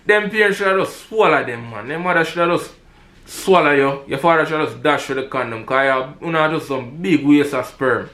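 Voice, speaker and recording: A man's voice: a little high, brisk, a bit bright. A man with a Jamaican accent, giving heated commentary in patois and repeating himself for emphasis. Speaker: commentator reacting to robbery footage.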